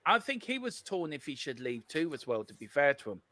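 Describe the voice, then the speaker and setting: A man's voice: a little high, big pitch swings, brisk, sharp tone, dry recording. Irish guy from cork ribbing his mate on a football stream, rambles, laughs a lot, dead dry mic. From Ireland. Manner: teasing, laughing, rambling with many fillers. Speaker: co-host of a football watchalong stream. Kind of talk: casual live-stream banter.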